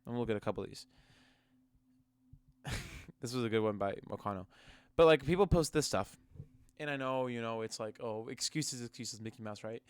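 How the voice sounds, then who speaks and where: A man's voice: lowish voice, fairly even intonation, brisk, pauses often, smooth, dry recording. Sarcastic ranting man, dry sound. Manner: sarcastic, ranting, restarts often. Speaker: MMA commentator. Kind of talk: casual reaction commentary.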